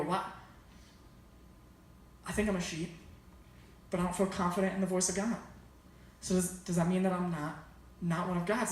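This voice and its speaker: Youth pastor man, booming echoey hall. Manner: casual storytelling with slang. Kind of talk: youth sermon. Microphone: phone camera from far off. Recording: very echoey, distant phone recording.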